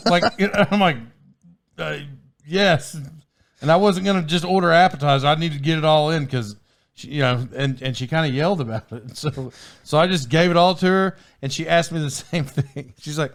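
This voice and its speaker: A man hosting a podcast in casual chat, telling a rambling story with frequent laughs and sidetracks. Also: fairly high pitch. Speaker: podcast host.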